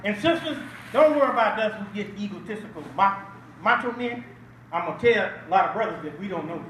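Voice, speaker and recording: A man's voice: high voice, expressive, a little fast, a bit bright, a little hiss or hum. An older man giving an emphatic Islamic talk as a guest speaker at a banquet, firing rhetorical questions for the audience to answer. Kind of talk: Islamic preaching at an awards banquet. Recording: echoey hall audio from a distant mic.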